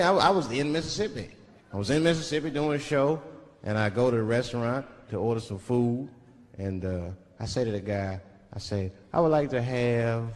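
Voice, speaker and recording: A man performing a stand-up comedy set, telling stories and shouting out the voices of other people. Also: mid-range voice, background noise. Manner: animated storytelling, shouting impressions of others. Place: large live venue with audience. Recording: reverberant live hall recording with crowd laughter. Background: audience laughter.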